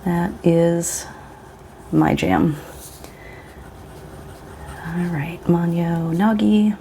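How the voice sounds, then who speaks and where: Gravelly, unhurried woman vlogger. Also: lowish voice, mellow, slight background noise. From Pacific Northwest of the US. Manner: chatty, rambling, self-interrupting. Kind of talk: casual chat while swatching inks.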